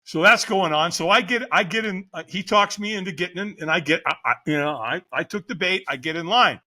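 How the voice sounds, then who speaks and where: A man's voice: high-pitched, a little fast, pushed and bright. A middle-aged man, a fire captain, telling a vivid personal story as a podcast guest, acting out quotes and laughing often.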